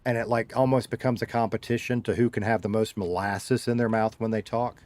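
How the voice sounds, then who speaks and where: A middle-aged man with a Southern US accent streams and reads his chat, speaking in a fairly low, steady voice that's brisk and a little mellow. He jokes and rambles through stories for his live audience, his drawl getting heavier and lighter as he goes.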